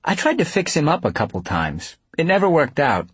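Teasing young woman, read by a man, lively and lifted, husky edge. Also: a little high, brisk, no echo, voice pushed up, heavily acted.

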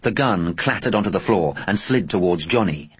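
A man narrating an audiobook with deliberate, expressive storytelling. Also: sits low, slightly rough, no echo.

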